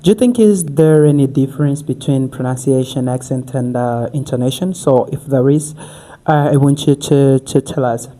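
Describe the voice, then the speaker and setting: Hesitant podcast host, mellow voice. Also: mid-range voice, normal speed. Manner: hesitant, many fillers, frequent backchannel. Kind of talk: podcast interview.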